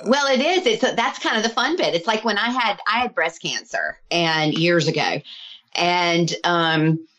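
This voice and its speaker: A woman's voice: on the low side, expressive, unhurried, fairly bright tone. A middle-aged woman, a healer and author, chatting casually as a guest, laughing often and acting out her own quotes. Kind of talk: casual podcast conversation.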